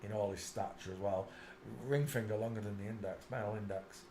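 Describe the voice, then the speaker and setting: A man's voice: on the low side, brisk, dark tone. A man hosting a casual live stream, mocking what he sees on screen and mumbling to himself as he searches. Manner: mocking, laughs a lot, mutters to himself. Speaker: channel host. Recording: roomy echo with faint background noise.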